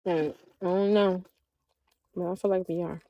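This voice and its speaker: A woman's voice: lowish voice, fairly even intonation, normal speed, vocal fry, muffled recording. A woman livestreaming in a casual chat, drawling and talking back to her viewers.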